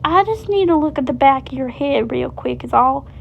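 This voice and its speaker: Woman reading as a suspicious gator guy, blunt, slow, gravelly. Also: high voice, animated, dull audio, slight background noise. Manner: blunt, challenging.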